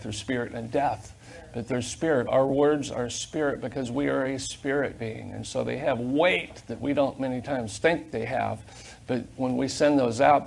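An older male pastor preaching in a church sanctuary on a corded mic, his voice gravelly with fry. He swings from loud fervent emphasis to soft, confiding asides, and a faint hum of room noise sits behind him. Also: mid-range voice. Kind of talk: sermon.

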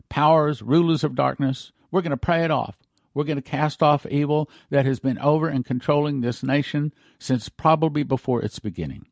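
A male pastor delivers a sermon at a mid-range pitch. He reads scripture aloud with slow, solemn weight. The recording is dry and close, with no room sound. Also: creaky, a little mellow, dry recording.

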